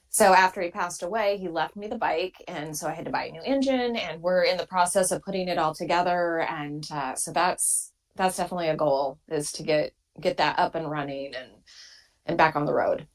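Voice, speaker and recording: A woman's voice: sits low, poor audio. A woman rider being interviewed, speaking casually and hesitantly with many fillers. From Washington State. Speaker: interview guest, motorcycle rider.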